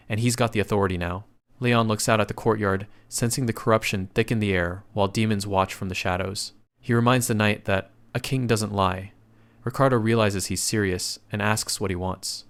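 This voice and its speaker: Low-voiced man narrating a story recap. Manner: casual slangy retelling.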